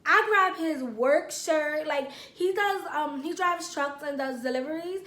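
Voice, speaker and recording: A young woman tells a casual story straight to her viewers. Her voice sits high and jumps into both sides of the argument as she acts them out. The room around her rings with echo. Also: unhurried, bright, forceful tone. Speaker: vlogger.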